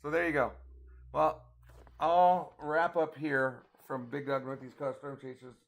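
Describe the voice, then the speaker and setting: A man's voice: a little high, little pitch movement, a little slow, dull audio. A middle-aged man hosting a casual livestream weather briefing, chatting in a folksy way and answering viewer comments. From northeastern Colorado.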